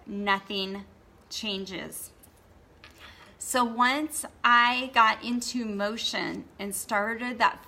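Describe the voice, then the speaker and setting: Slow, bright-voiced motivational woman. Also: medium pitch. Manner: earnest, repeats "okay?" for emphasis. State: tearful, emotional. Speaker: blogging course host. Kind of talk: motivational talk to camera.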